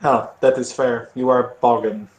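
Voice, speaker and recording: A man voicing a formal, courtly male noble fae in a tabletop role-play, speaking stately and measured. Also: medium pitch, level tone, close to an everyday voice. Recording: echoey room.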